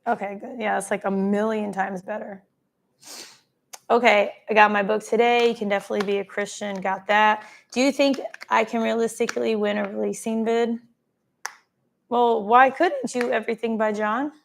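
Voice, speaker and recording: A woman's voice: mid-range voice, fairly even intonation, moderate pace, creaky, slight background noise. A woman hosting a casual live stream, effusively reading and thanking viewers' comments by name. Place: travelling, streaming from a holiday spot.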